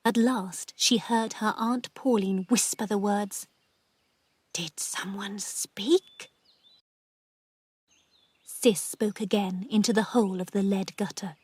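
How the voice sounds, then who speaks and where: A woman narrating a story slowly and clearly for English learners. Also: mid-range voice. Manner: slow, clear, even. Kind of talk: slow reading for English learners.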